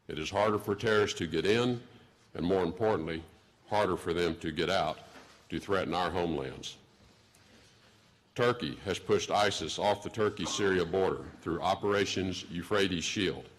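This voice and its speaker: A man in his sixties with a Texan accent, delivering a formal prepared speech in a measured, deliberate way. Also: deep voice. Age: 60s. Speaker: government official giving a speech.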